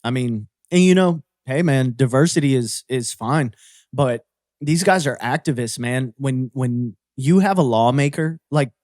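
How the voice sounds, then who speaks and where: A man from Cleveland co-hosting a podcast, talking in a casual, animated and profane way. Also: mid-range voice, unhurried, no room sound, clean studio sound. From Cleveland, Ohio. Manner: animated, profane, mimics voices. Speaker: podcast co-host.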